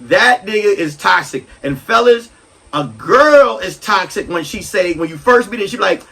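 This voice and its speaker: A man in his thirties hosting a solo comedy podcast, ranting loudly and animatedly and breaking into shouts. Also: sits high, measured pace, far from the mic, low-quality recording. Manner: loud, animated, swings into shouting. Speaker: podcast host.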